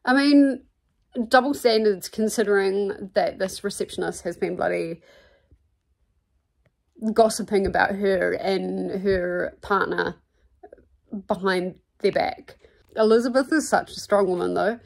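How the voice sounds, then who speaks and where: A woman with a New Zealand accent talks casually on a book vlog from home. Her voice has a gravelly, fry-laden edge. She is chatty and full of "um"s, and openly fired up about the story. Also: medium pitch, unhurried, pauses often. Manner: chatty, filler-heavy, openly indignant. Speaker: book vlogger. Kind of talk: casual reading vlog chat.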